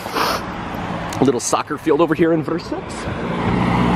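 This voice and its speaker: A man in his forties from the United States, chatting casually and excitably as he walks and vlogs outdoors, out of breath on a climb. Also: a little high, slow, pauses often. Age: 40s. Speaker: travel vlogger. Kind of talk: casual walking vlog. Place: outdoors in a windy town and hillside. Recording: wind noise on outdoor mic.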